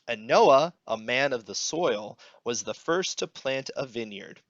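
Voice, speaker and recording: Young male podcast co-host, bright forceful tone, dry and slightly dull audio, friendly scripture reader. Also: medium pitch, dry recording. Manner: relaxed, friendly, reads scripture aloud with pauses. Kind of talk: casual Bible reading podcast.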